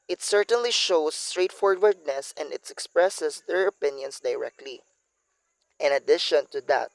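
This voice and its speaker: A man's voice: on the high side, no room sound, low-quality recording. A young man, carefully reading a prepared academic analysis as a student presenter, with small slips along the way.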